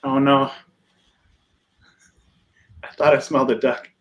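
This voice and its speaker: A man's voice: medium pitch, little pitch movement, slow pace. A man chatting on a video call, teasing the others and laughing often. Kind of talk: casual group video chat.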